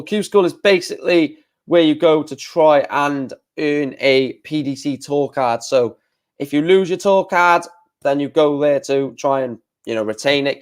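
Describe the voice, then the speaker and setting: A man hosting a casual live stream, reading out darts results and answering chat while thinking aloud with plenty of fillers. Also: a little high.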